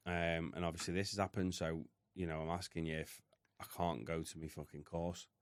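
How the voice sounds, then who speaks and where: A British man with a very low, deep voice recounts his past candidly, swearing freely as he talks. The sound is close and dry, with no room around it. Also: little pitch movement, fairly quick, smooth, no echo. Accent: British English. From United Kingdom. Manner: blunt, heavy swearing, emotional retelling. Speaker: podcast guest. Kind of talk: candid storytelling.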